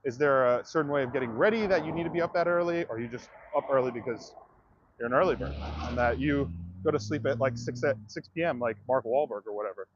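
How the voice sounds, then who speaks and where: A man's voice: medium pitch, fast, muffled recording, slight background noise. A man livestreaming outdoors, ranting to his viewers in a profane, direct way. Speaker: comedian livestreamer. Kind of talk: livestream rant to chat.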